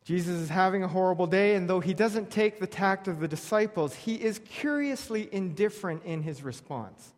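A man's voice: sits high, animated, moderate pace, hardly any pauses. A man preaching a sermon, telling a scripture story with wry humor and reading verses aloud. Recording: long reverb of a large hall.

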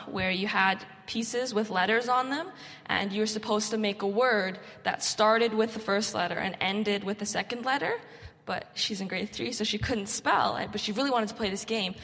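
A woman's voice: medium pitch, fairly bright tone. A young woman shares stories from volunteering at a kids' camp in a casual, rambling way, dropping "like" into nearly every phrase. Her voice sits in the middle of the usual range. The sound carries a long reverb, as if she is speaking in a large hall. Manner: chatty, lots of "like" fillers. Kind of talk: casual storytelling talk.

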